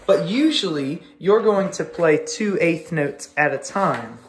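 Slow, patient string teacher in echoey room. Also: medium pitch, background noise. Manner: counts beats aloud, encouraging and patient. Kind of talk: online music lesson. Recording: echoey room with violin playing.

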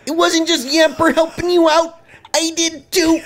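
A chatty young woman assistant from a video game, her voice pushed up high and squeezed thin, every phrase coming out stiff and robotic, as a man puts her on. She sounds like a talking machine trying to be friendly. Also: level tone, measured pace, a bit bright. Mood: stiff chirpy. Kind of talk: voicing game dialogue aloud.

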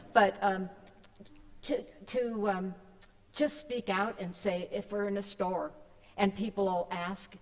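A woman's voice: mid-range voice, steady tone, measured pace. Chatty woman in a reverberant church hall. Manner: chatty, rambling, with many fillers and restarts. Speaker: guest speaker. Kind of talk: casual talk to a church group.

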